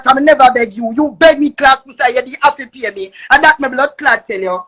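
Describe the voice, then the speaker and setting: Woman, Jamaican accent, high-pitched, young adult, angry cursing rant, shouting. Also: brisk, few pauses. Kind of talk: angry live-stream rant.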